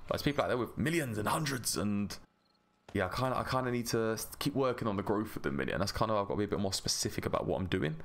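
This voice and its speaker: Gamer bloke rambling on over his gameplay, deep-ish voice, laughs a lot. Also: expressive, a bit bright, slight background noise. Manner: rambling, chatty, quick to laugh. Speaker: gaming YouTuber. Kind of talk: casual gameplay commentary.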